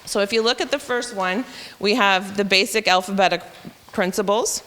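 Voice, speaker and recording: Woman teacher leading a staff training, patient and explanatory, clear voice in a reverberant room. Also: medium pitch, normal speed, a bit bright. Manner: explanatory, talks through teaching steps. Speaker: reading intervention teacher. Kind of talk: professional development presentation.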